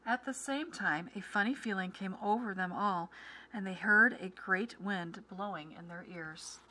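A woman teacher reading a children's book aloud with clear, expressive storytelling, then going over quiz questions. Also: medium pitch, unhurried, a little hiss or hum.

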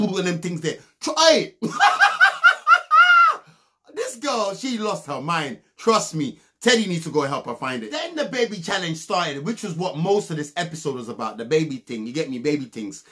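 A young man giving a comedic, mocking recap of a reality TV show, breaking into loud laughs. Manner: mocking, animated, bursts into loud high laughs.

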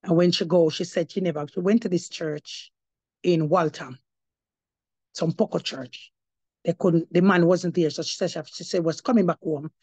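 A woman's voice: on the low side, steady tone, normal speed, a little mellow, no echo. A woman giving her testimony as an apostle, preaching to a congregation and slipping between English and patois, rising to emphatic cries of praise.

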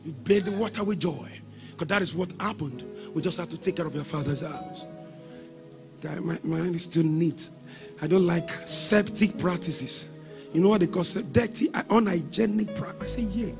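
A man preaching a sermon as pastor, shouting exhortations and breaking into sing-song lines. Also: sits high, normal speed, gravelly, music in the background.

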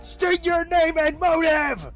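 A man voicing a loud militia captain who shouts pompous announcements through a megaphone in a tabletop game. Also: very high-pitched, slow, faint music behind, pitched above the performer's own voice, heavily acted. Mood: blustering.

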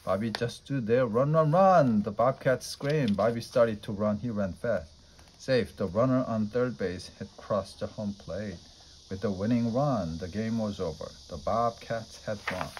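A man reading a children's story aloud in a steady, plain way. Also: lowish voice, measured pace, a little hiss or hum, poor audio. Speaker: storybook reader.

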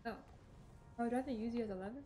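A woman's voice: fairly high pitch, rapid-fire, dark tone, faint music behind. A woman streaming a video game, giving casual gameplay commentary and talking to herself, swearing when things go wrong.

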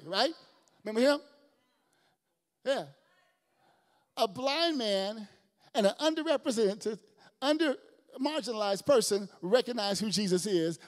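A male pastor preaching a sermon with big swings, from shouted lines down to quiet, near-whispered ones. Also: high voice, big-room sound.

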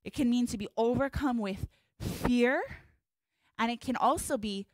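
She speaks at a measured pace in a fairly high voice, captured cleanly in the studio with no room sound. Teaching hula live, she announces each move brightly and sprinkles Hawaiian words through her English.

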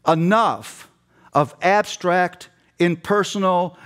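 A middle-aged man preaches a passionate sermon to seminary students in a seminary chapel, repeating himself for emphasis. His voice sits high and is a bit bright, and he takes his words slowly.

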